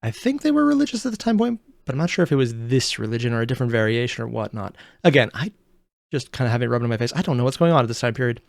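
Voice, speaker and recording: A young man hosting a reaction video, chatting casually and rambling with unsure asides in quick bursts. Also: medium pitch, sing-song, creaky, no echo, clean studio sound.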